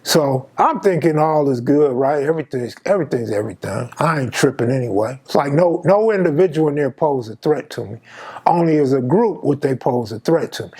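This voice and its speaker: A man in his fifties from Los Angeles telling a personal story in casual, slangy street talk, acting out the dialogue. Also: a little high. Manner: slangy, animated, acts out dialogue. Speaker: storyteller host.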